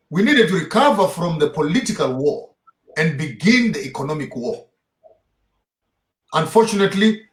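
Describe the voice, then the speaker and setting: A man speaking in an emphatic, preaching way, driving his points home and throwing out rhetorical questions. His voice sits slightly high for a man. The room around him echoes. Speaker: guest speaker. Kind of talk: impassioned interview talk. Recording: roomy echo.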